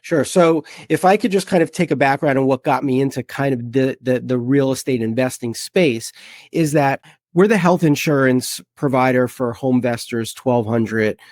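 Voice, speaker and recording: A man answering questions in a casual interview, his pitch in the middle range. He talks earnestly and sometimes restarts a sentence. The recording is dry and close. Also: normal speed, a little mellow, dry recording. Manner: earnest, with false starts. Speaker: guest, health insurance provider.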